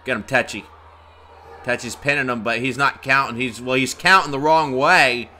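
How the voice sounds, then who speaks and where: A man giving an indignant live reaction to a match, stammering through restarts and bursting into shouts. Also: mid-range voice, normal speed. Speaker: vlogger reacting to a wrestling match. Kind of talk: heated live reaction commentary.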